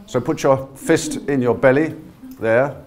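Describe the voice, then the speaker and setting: A man leading a voice workshop, coaching a live audience through breathing exercises in an energetic, encouraging way. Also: medium pitch, a little slow. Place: conference room with a live audience. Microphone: no handheld mic, projecting to the room.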